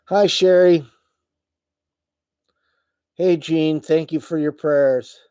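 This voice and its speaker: A middle-aged man hosting a casual livestream, greeting viewers and talking haltingly with many pauses, tired and emotional. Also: fairly high pitch, steady tone, mellow, clean tone, no echo. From United States. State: tired, voice wearing out. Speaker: livestream host. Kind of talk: casual live chat reading viewer comments.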